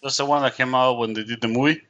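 A man's voice: mid-range voice, fairly even intonation, fast talker, a bit bright, dull audio. A man co-hosting a casual chat, easygoing, often restarting his sentences with stammers. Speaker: podcast co-host.

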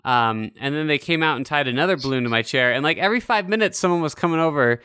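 A man's voice: on the high side, expressive, fast, pushed and bright, smooth, no echo, studio quality. A man from Utah hosting a casual podcast chat, telling rambling self-deprecating stories and swearing casually. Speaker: podcast host.

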